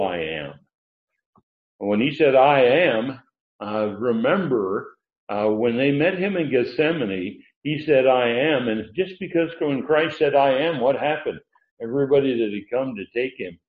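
A man preaching a sermon, teaching from his notes with emphatic pauses and frequent filler words. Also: fairly low pitch. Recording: dull, echoey room sound.

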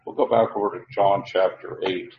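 A man teaching a Bible study, reading verses aloud and explaining them in a halting way, full of fillers and restarts. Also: low voice, steady tone, a little hiss or hum. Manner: reads verses aloud, then explains the Greek words. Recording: roomy, dull lo-fi recording.

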